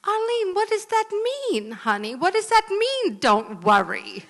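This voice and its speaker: A woman playing a nagging older mother in a live comedy sketch, pleading and guilt-tripping in drawn-out tones. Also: very high-pitched, big pitch swings, gravelly, fairly bright tone, in a large hall, pitched above the performer's own voice, full character voice.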